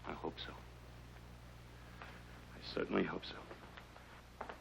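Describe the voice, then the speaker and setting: A man's voice: very deep voice, steady tone, extremely slow, creaky, fairly bright tone, exaggerated voice. An actor playing a tired father who tries to reason with his wife. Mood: weary. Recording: dull old TV soundtrack, faint hiss.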